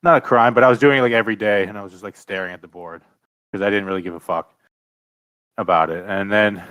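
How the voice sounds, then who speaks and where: A man's voice: fairly low pitch, fast, a bit bright, no room sound. A young man co-hosting a casual podcast, telling a story in a laid-back way. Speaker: podcast co-host. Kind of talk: casual chat.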